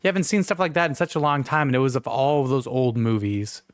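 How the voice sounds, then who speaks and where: A man co-hosting a casual movie review podcast, retelling scenes with lively acted-out quotes. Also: medium pitch, fast talker, no echo, clean studio sound. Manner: animated, retells scenes in voices. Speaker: podcast co-host.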